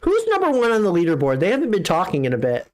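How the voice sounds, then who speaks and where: A young woman streaming a game live, chatting casually with her viewers, excitable and swearing, often jumping into high squeals. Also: fast talker.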